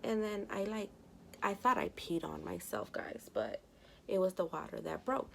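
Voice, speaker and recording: A young woman talks casually while doing her makeup, rambling from one thought to the next with plenty of fillers. Her voice is strongly gravelly, full of fry, and her pitch sits in a middle register. There is a faint hiss of noise behind her. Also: normal speed. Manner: rambling, many "you know" fillers; emotional, tearful at times. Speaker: vlogger.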